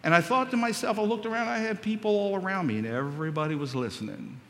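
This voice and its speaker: A fast-talking male pastor with a high, a bit bright voice and lively intonation preaches a sermon. He narrates a story and performs its dialogue before rising to emphatic preaching, all in long hall reverb.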